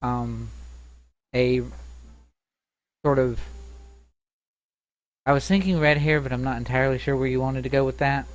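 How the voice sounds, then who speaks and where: Male game master, halting, unhurried narration. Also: medium pitch, fairly even intonation, low-quality recording. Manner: hesitant, with many ums and uhs.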